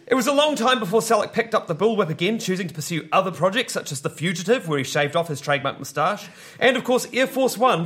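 Deadpan man reciting fake trivia. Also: high-pitched. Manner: dry, deadpan delivery. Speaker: panel game contestant. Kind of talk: mock-serious fake trivia monologue.

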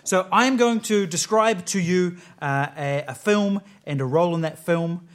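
A man's voice: sits high, a little slow, a bit bright. Good-humoured man hosting a quiz. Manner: loose, filler-heavy, good-humoured. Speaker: quiz host. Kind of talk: hosting a comedy panel game.

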